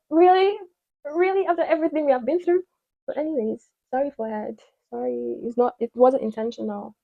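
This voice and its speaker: A woman's voice: a little high, gravelly, dark tone, breathy edge, muffled recording. A woman beauty vlogger chatting casually while doing her makeup, rambling with lots of "like" fillers and playful asides.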